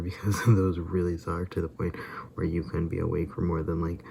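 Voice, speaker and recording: Weary man, very low gravelly voice, rambling vlog, sighs and whispers. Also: level tone, normal speed, slight background noise. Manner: tired, drifts into soft whispers and sighs. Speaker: vlogger. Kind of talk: rambling casual monologue.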